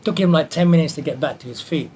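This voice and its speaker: A man telling a lively anecdote from his film career in an interview, acting out the quoted voices as he goes. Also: a little high, fast, slight background noise. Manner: animated anecdote teller who acts out quotes. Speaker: martial artist and film stunt performer. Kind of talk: storytelling in an interview.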